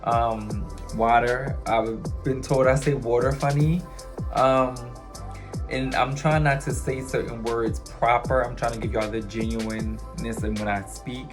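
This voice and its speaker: A non-binary vlogger with a strong Baltimore accent talks casually to the camera at a middling pitch. The delivery is chatty and playful, speaking straight to viewers. Clear music plays behind the voice. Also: fairly even intonation, a little slow. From Baltimore, USA. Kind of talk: casual vlog chat.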